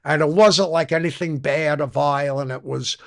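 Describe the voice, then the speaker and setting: A man's voice: fairly high pitch, steady tone, normal speed, gravelly, a bit bright. An older man, telling his personal recovery story frankly in a conversational interview. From New York. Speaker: podcast guest.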